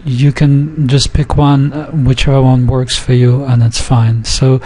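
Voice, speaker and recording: A male teacher talks through a textbook lesson in a steady, level voice with little rise and fall. He moves slowly and patiently, and often pauses on small fillers as he reads example words aloud. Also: medium pitch. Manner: slow, patient, with frequent hesitations. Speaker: language teacher.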